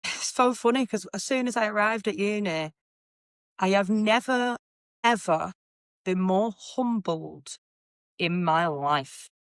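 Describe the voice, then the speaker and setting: A young woman with a Mancunian accent chats straight into a dry, close mic as host of her own podcast. Her voice sits at an ordinary middle pitch. She talks in a loose, blunt way and swears without a second thought. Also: slow, pauses often, clear, resonant tone, dry recording. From Manchester, England. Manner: chatty and blunt, swears freely. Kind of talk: casual chat.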